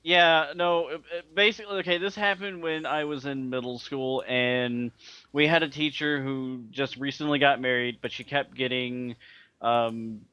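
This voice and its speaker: A man co-hosting a gaming podcast, telling a story in an easygoing way. His voice is bright and crisp. The mic sounds a little dull and lo-fi, and the room is dry. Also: mid-range voice, fairly even intonation, moderate pace, no echo. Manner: questioning, tells stories. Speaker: podcast co-host. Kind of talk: casual gaming chat.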